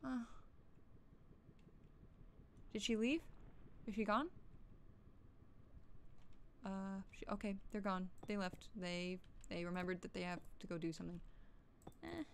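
A woman's voice: medium pitch, steady tone, unhurried, creaky, long pauses, a little hiss or hum. Jokey, swearing gamer woman. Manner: chatty, profane, jokey self-talk; jumpy, yelps when startled. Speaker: gaming streamer. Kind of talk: casual gameplay commentary.

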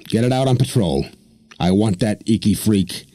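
A man's voice: lowish voice, moderate pace, warm tone, no echo, studio quality, voice pushed up, lightly acted. A man voicing a cold, commanding warrior-priest villain who gives clipped orders.

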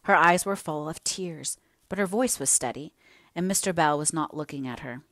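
A woman reads a classic novel aloud in a measured, storytelling manner. Her voice is on the low side. The recording is dry and close, with no room sound. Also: fairly bright tone, no echo. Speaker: audiobook narrator. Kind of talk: scripted novel narration.

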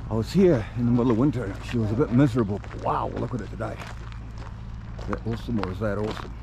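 Walking among rocks outside, this travel vlogger talks directly to his viewers in an enthusiastic, casual walking vlog. He has a lowish, creaky voice and a quick pace, with background noise in the audio.

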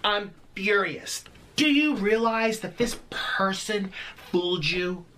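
A man's voice: sits high, lively intonation, takes it slowly, bright, forceful tone. A man delivering an angry, sarcastic rant in a response video, mocking the person he addresses. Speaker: YouTuber posting a response video. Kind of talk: angry ranting monologue.

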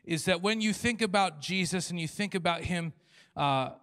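Pastor guy preaching, kinda high voice, jokey, big echoey church hall. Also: moderate pace, a bit bright. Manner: humorous, acts out short dialogues. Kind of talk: sermon. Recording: long church hall reverb.

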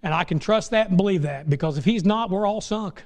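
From the pulpit, a middle-aged pastor with an unusually high male voice speaks a little fast, with a creaky, darkish tone. He starts out plain and folksy and builds toward passionate peaks.

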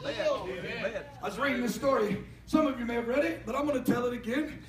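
Guy preaching, really high voice, shouty and fired up, far from the mic in an echoey church. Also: normal speed. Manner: impassioned, swings from quiet talk to shouting. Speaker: lay preacher. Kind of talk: fervent sermon. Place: church sanctuary. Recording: echoey church hall, distant mic, congregation responding.

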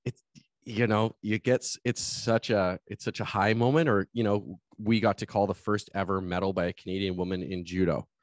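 A man's voice: lowish voice, fairly even intonation, normal speed, no echo, studio quality. A man hosting a podcast, also a coach, talking with enthusiasm in long flowing thoughts. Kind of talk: casual interview chat.

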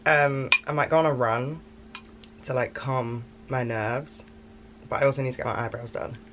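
A young woman vlogging in a casual, chatty and excitable way, rambling with fillers. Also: a bass voice, moderate pace, slight background noise. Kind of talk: casual vlog chat.

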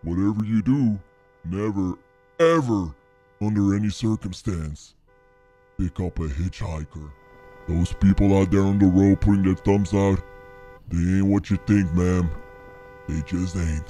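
An actor voicing a grim older gas station attendant in a horror game, giving warnings in a slow, ominous drawl. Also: male voice, sits low, fairly even intonation, warm tone, soft background music.

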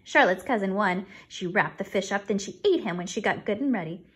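A woman's voice: fairly quick, slightly rough. A woman voicing an eager, imaginative little farm girl in a storybook reading. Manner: excited, rising pitch.

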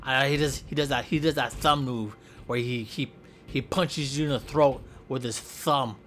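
A young man giving goofy, excitable play-by-play commentary over a game, yelping and shouting in mock pain. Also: medium pitch, moderate pace, a little hiss or hum. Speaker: gameplay commentator.

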